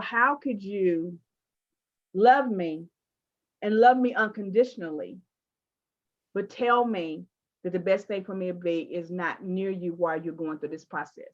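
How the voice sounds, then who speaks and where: A woman talks through a candid interview. She tells stories with animated emphasis and playful asides, in a voice of ordinary pitch. The recording sounds somewhat dull and lo-fi.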